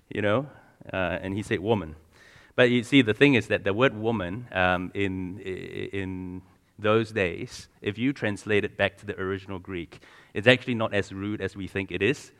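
A man's voice: lowish voice, normal speed, fairly bright tone, long reverb tail. A man preaching a sermon in a conversational way, asking the congregation questions and often restarting and repeating words.

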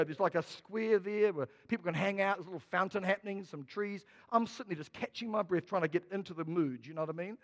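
A man's voice: sits high, quick pace, hardly any pauses, big-room sound. A man with a New Zealand accent preaching a sermon as a pastor, telling stories with jokes. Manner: storytelling, jokey, lively.

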